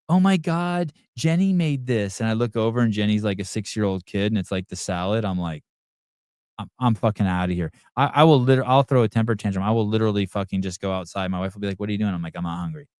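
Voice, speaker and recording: Clear and resonant at medium pitch, a middle-aged podcast host rambles crudely and profanely while reading out chat comments. The off-the-cuff livestream chat has clean studio sound with no echo.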